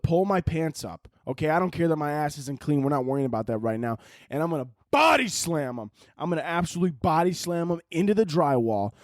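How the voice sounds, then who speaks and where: A man hosting a solo podcast, rambling through a crude, profane comedic monologue with animated swings in his delivery. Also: fairly high pitch, no echo, studio quality. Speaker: podcast host.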